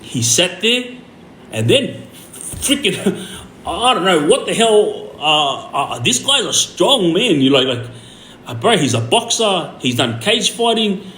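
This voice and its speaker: A man, hosting a podcast and casually telling a story in an animated way. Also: sits high, slow, a little hiss or hum. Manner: animated, retells conversations in quoted back-and-forth. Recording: roomy echo with faint ambience.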